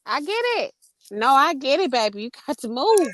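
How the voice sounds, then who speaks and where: A woman's voice: high voice, animated, a little fast, a bit bright, dry recording. A woman co-hosting a call-in show, chiming in and affirming the host. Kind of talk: casual call-in chat.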